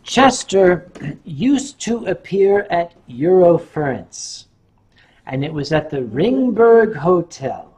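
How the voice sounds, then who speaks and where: A man with a husky, slightly breathy voice hosts a relaxed stream, unhurried and chatty. His pitch swings widely as he tells anecdotes with theatrical flair and slips in bits of German. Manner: animated raconteur who drops in German words. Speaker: show host reading viewer questions. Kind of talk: casual live-stream chat and storytelling.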